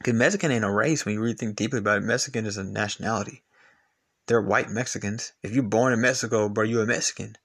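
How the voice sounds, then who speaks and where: Speaking fast in a lowish, fairly bright voice, a man hosting a podcast goes on a casual rant that's blunt, full of profanity, repetitive and argumentative.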